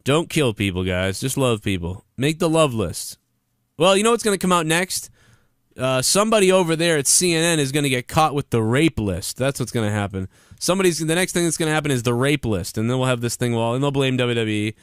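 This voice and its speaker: A man's voice: mid-range voice, lively intonation, brisk, clean tone, no echo, clean studio sound. A man giving heated, profane commentary on wrestling news in a vlog-style rant.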